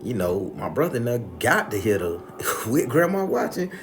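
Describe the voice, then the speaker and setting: A man's voice: mid-range voice, very animated, normal speed, slight background noise. A man telling a crude, comedic story in casual, profane slang.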